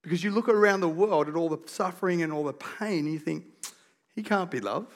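A man with an Australian accent preaching a conversational sermon as a pastor, telling stories with lively, self-deprecating humour. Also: on the high side, fairly quick.

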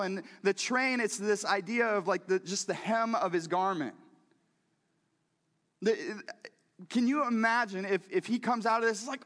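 A man's voice: high voice, moderate pace, fairly bright tone, long reverb tail. A man preaching a conversational sermon who keeps putting questions directly to his listeners. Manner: talks directly to the audience with questions.

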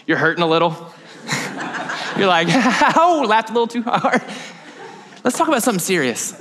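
A man with a high, bright voice gives a lively sermon, jumping into the voices of people in his stories. His voice carries a long reverb from the church hall around him. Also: normal speed, slight background noise. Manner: animated storytelling, acting out scenes. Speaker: pastor.

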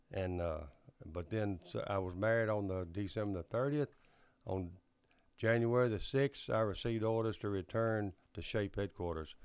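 An older man tells his story in an interview. He speaks in a low, smooth voice, stopping often with fillers and restarts. The sound is dry and close. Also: a little mellow, dry recording. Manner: halting, many fillers and restarts, clears throat. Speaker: interviewee recounting Cold War service. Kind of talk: oral history interview.

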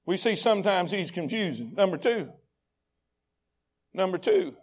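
A man preaching a sermon. He repeats phrases in a rhythmic build and swings between hushed, intimate lines and shouted peaks. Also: sits high, expressive, unhurried. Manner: repetitive, rhythmic delivery. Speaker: pastor.

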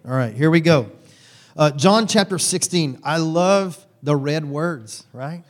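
A middle-aged male pastor delivers a laid-back sermon, joking and chatting and checking in with his congregation. His voice sits a bit high for a man. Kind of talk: casual sermon.

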